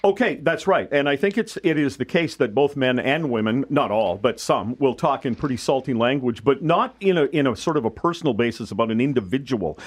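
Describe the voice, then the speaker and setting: Measured male panelist. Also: mid-range voice, lively intonation. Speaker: radio panelist. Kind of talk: radio panel talk.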